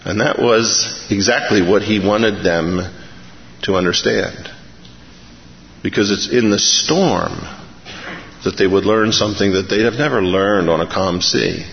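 With a gravelly, fairly low voice and a measured pace, a middle-aged pastor preaches, recounting stories vividly and voicing the people in them. The audio is dull and echoes like a hall.

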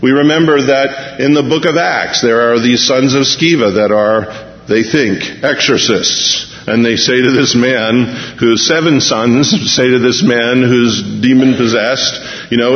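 A man's voice: medium pitch, measured pace. A man preaching a sermon, telling the scene like a story and acting out the quoted voices. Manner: animated storyteller, acts out quotes, shifts pace. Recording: long hall reverb, dull lo-fi sound.

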